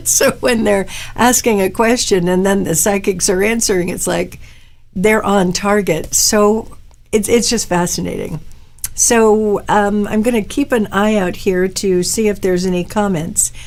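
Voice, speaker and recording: A woman's voice: mid-range voice, a little mellow. A middle-aged woman from Florida hosting a live-stream show, chatting casually and rambling through personal stories. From Florida, USA. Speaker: host. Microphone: webcam live-stream mic.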